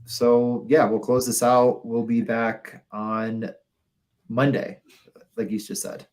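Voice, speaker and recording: A man's voice: medium pitch, level tone, slow, darkish tone. A young man from the Buffalo area, co-hosting a casual betting podcast and thinking aloud over odds. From Buffalo area, New York. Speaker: podcast co-host.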